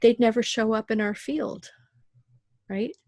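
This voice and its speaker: A middle-aged woman appears as a podcast guest, speaking casually and with animation about spirituality and raising her kids. She tells stories vividly, acting out voices, in a fairly high voice at a slightly slow pace with no echo.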